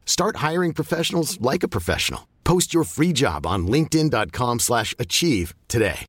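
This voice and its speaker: A man reading a radio ad as announcer, smooth and upbeat. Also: mid-range voice, very animated, normal speed, no room sound, clean studio sound. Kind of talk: radio ad read.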